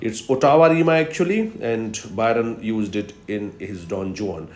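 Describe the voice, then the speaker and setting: A man's voice: on the low side, a little mellow. Patient male literature professor, roomy sound. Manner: explains patiently, repeats key terms slowly for emphasis. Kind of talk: recorded lecture. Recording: roomy echo.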